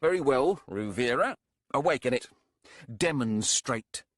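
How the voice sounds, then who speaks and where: A man's voice: medium pitch, animated, a little slow, no room sound, clean studio sound, pitched above the performer's own voice. A man voicing a hesitant, cautious husband. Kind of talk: audiobook character voice.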